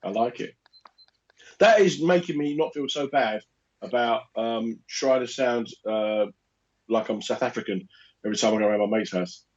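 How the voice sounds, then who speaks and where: A man who does stand-up, co-hosting a podcast with wry, teasing, deadpan humour. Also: medium pitch, normal speed, highs cut off. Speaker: comedian and podcast co-host. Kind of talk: casual chat.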